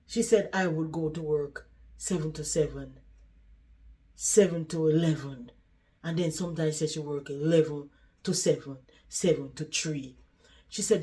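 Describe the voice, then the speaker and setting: A woman's voice: low voice, fairly even intonation, unhurried, dark tone. A woman who works as a caregiver, earnestly retelling a patient's story in a conversational vlog. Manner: earnest, conversational retelling with many "she said" tags.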